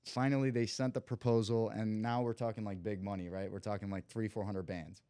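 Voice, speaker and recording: A young man with a deep, mellow, smooth voice tells a long story as a podcast guest. He talks in loose slang with plenty of "like" and acts out what everyone in the story said. The sound is dry and close to the mic. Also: a little fast, no room sound. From Cleveland, USA. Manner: lively storyteller who acts out quoted dialogue; loose slang and frequent "like" fillers. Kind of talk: casual storytelling.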